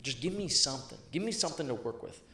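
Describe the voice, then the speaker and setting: A man's voice: mid-range voice, expressive, quick pace, pushed and bright, a little hiss or hum. A man being interviewed about sales, talking in an emphatic, blunt and profane way, repeating lines for punch. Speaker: sales professional guest. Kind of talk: motivational interview talk. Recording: echoey room.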